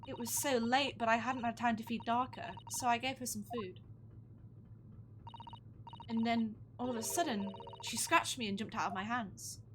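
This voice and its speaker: A woman's voice: fairly high pitch, steady tone, normal speed, noisy background, close to an everyday voice. A woman reading aloud as a nervous young female suspect, stammering and hesitant.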